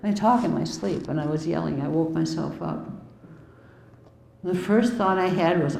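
A woman's voice: sits low, normal speed, vocal fry, a little mellow, echoey room, slight background noise, poor audio. A woman in her fifties from the US Midwest, candidly telling her recovery story in a conversational way with wry asides. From Milwaukee, US Midwest. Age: 50s. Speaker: recovery speaker. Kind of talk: personal recovery testimony.

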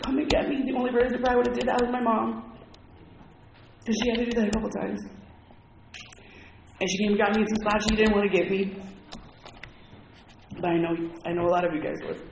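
A man's voice: very high voice, little pitch movement, fast talker, gravelly, pauses often. A man speaking candidly and from the heart as he tells his recovery story to a group in a meeting room. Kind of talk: personal testimony to a group. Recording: echoey, noisy room recording.

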